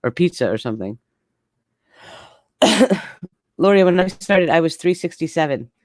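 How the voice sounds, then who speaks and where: A woman's voice: on the low side, animated, measured pace, a little mellow, no room sound, studio quality. A woman in her forties talking candidly in casual chat, often breaking into laughs. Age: 40s.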